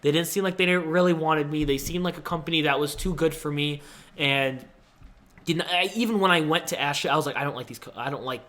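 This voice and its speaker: A young man hosting a podcast, casually telling a personal story and acting out the people he quotes with big pitch jumps. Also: fairly even intonation, brisk, fairly bright tone. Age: young adult. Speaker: podcast host.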